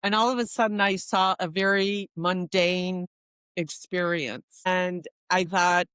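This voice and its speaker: A woman answering interview questions as a guest expert on dog feeding, in a measured, explanatory way. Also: fairly low pitch, fairly even intonation, fairly bright tone, smooth, no echo, clean studio sound.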